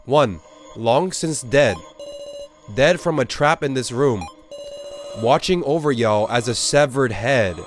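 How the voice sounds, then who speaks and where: A man voicing a slow, sly taunting doll. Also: mid-range voice, animated, faint music behind.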